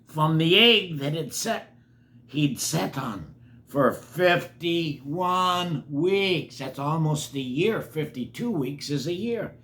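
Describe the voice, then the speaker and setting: An older man reading a children's picture book aloud, animated and stopping to chat with the kids. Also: a little high, slow pace. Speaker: storybook reader for children.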